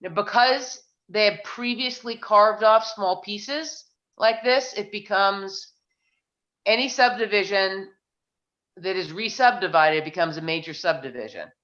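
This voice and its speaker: A woman's voice: measured pace, fairly bright tone. Woman, board chair, casual and self-deprecating, muffled meeting recording. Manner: chatty, self-deprecating, thinks aloud with restarts. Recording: muffled low-fi meeting audio.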